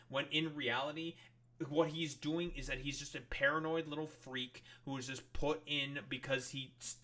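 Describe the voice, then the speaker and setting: A man's voice: medium pitch, bright, forceful tone. A man streaming, reacting to political news clips with angry, profane commentary.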